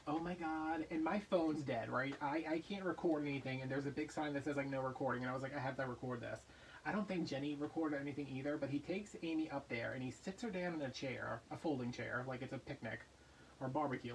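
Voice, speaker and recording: A man hosting a craft vlog, telling a story in a casual, animated way and acting out voices in his anecdotes. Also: fairly high pitch, far from the mic, a little hiss or hum, rough recording. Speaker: craft channel host.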